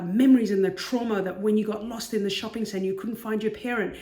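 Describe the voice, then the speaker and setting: A woman's voice: medium pitch, a little mellow. A woman giving a casual motivational talk, chatty and saying okay again and again. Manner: chatty, says okay often. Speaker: self-help vlogger. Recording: echoey room.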